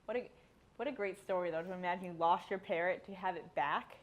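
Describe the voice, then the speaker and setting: A woman's voice: fairly low pitch, brisk, muffled recording. A young woman co-hosting a show in casual chat, playful and teasing. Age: young adult. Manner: playful, laughs along, teasing. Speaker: co-host.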